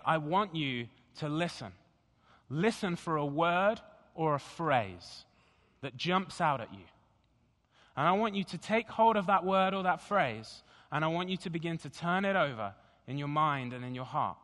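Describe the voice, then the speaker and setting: Gentle man leading a church meditation. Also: fairly high pitch. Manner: slow, deliberate and gentle. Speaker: pastor. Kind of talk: sermon leading guided scripture meditation. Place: church sanctuary. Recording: long hall reverb.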